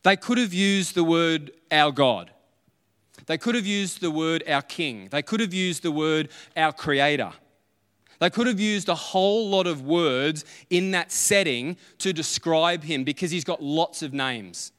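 A man's voice: a little high, animated, a little slow, a bit bright, smooth. A man, preaching a conversational sermon and acting out little dialogues as he tells stories. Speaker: pastor. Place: church auditorium. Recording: long hall reverb.

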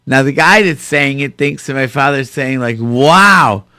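Guest, male. Animated storyteller who acts out quotes and drops in Hebrew terms. Mid pitch, dry close recording. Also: normal speed, clean tone, dry recording. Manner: sprinkles Hebrew and Yiddish terms. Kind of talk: casual storytelling in conversation.

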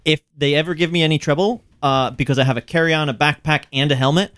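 A man's voice: a little high, fairly even intonation, quick pace, fairly bright tone, smooth. A man co-hosting a casual podcast chat, laughing often and reading a listener's email aloud. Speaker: podcast co-host.

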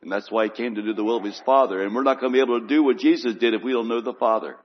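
A man preaching a sermon in an earnest, unhurried way, piling up emphatic lists. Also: medium pitch. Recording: muffled, long church reverb.

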